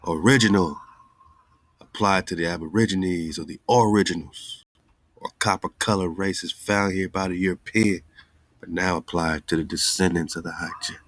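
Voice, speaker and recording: Host, male, very low voice, loose and exasperated, dry close sound. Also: fairly even intonation, moderate pace, fairly bright tone, no room sound. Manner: loose, exasperated, talks straight to listeners. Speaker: online radio show host. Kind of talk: casual live-stream talk.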